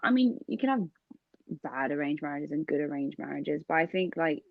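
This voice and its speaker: A woman in her twenties, co-hosting a podcast in a relaxed, chatty way. Her voice sits very low for a woman, and she jumps up high whenever she acts out a quote. The sound is dull and lo-fi, with a dry, close feel. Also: moderate pace, vocal fry, dry recording. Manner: animated storyteller, acts out quotes with big pitch jumps. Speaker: podcast co-host. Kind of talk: casual chat, personal storytelling.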